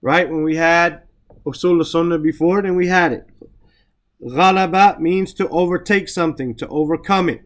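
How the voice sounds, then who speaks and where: A man teaching the meanings of Quranic verses, reciting the Arabic quickly, then explaining each word slowly with repetitions. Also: fairly high pitch. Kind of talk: Quran vocabulary lesson.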